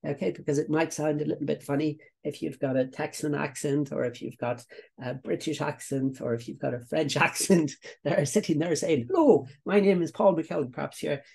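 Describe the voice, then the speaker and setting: An Irish man giving an online coaching training, often tagging his points with "okay?" and filling pauses with "uh, there". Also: a little high, steady tone, gravelly, darkish tone, breathy edge. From Ireland. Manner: repetitive, tags points with "okay?" and "uh, there" fillers. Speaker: business coach.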